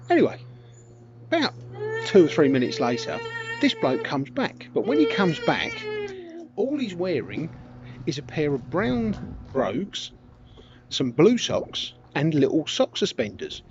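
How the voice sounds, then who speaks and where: A man casually telling a funny anecdote, chatty and wandering. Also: on the high side. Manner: chatty, wandering, self-correcting. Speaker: storyteller. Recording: dull lo-fi recording with background noise.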